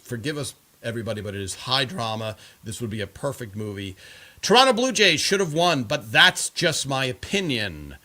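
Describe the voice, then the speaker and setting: A man's voice: medium pitch, sharp tone. A man hosting a live stream, chatting casually and reading viewer comments in a rambling way full of fillers.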